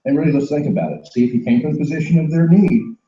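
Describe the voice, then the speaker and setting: Guy with a real dark mellow voice doing a sales training talk, repeats himself for punch, echoey dull recording. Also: fairly high pitch, fast. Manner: emphatic and repetitive, acting out sales dialogues.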